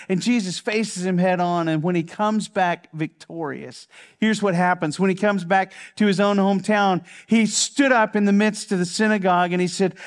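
High-voiced impassioned male preacher. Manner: impassioned, repeats phrases for emphasis, drops to a hush. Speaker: pastor. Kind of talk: sermon.

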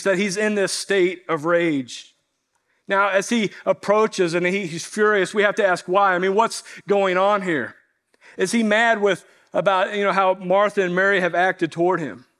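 A man preaching a sermon, telling stories earnestly and slowing down to stress key points. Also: high voice, a bit bright. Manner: earnest storytelling preacher, slows for emphasis. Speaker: pastor.

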